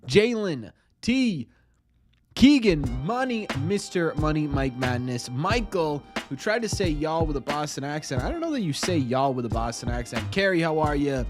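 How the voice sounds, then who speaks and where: A man's voice: fairly high pitch, sing-song, moderate pace, over music. A young man hosting a casual live stream, chatting and greeting viewers by name.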